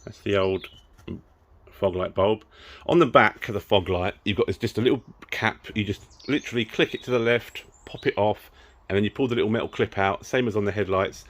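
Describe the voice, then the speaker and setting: A man's voice: lowish voice, a little fast. A man casually talking through a car repair, chatty and easily frustrated, working under the car with the camera close to his face. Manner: chatty, frustrated, swears and laughs at himself. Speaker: car modding vlogger. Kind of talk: casual DIY car vlog.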